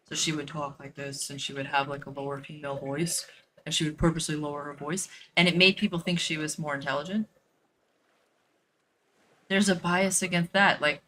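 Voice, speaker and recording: A woman's voice: sits low, bright, forceful tone, slight background noise, poor audio. A woman who works as a dog trainer, chatting casually and thinking aloud while she plays a game, with lots of "like" and "you know" fillers. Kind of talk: casual chat while gaming.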